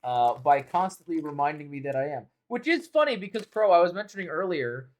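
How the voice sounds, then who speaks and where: A man's voice: on the high side, expressive, fairly quick. A man streaming a game, chatting casually with viewers, laughing often, swearing freely and playfully defending himself. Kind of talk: casual livestream chat with viewers.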